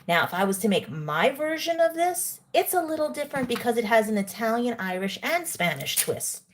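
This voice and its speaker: A woman's voice: on the high side, big pitch swings, fairly quick, slight background noise. A woman hosts a livestream and talks to her chat in a lecturing, indignant way. She eats while she talks to her viewers. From New York. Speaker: livestream host. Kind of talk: live-stream commentary to chat.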